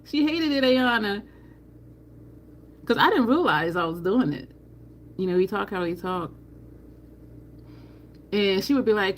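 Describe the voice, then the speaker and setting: A woman's voice: mid-range voice, animated, unhurried, long pauses. A middle-aged woman from New Jersey with a New Jersey accent, hosting a makeup livestream in a blunt, candid and profane casual chat. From New Jersey, USA. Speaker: makeup channel host.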